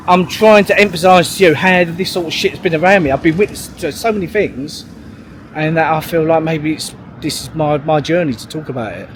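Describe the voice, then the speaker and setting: A man's voice: a little high, slight background noise. A man, telling a long story in a rambling, sweary way, full of fillers and restarts. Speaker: vlogger. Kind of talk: casual storytelling monologue.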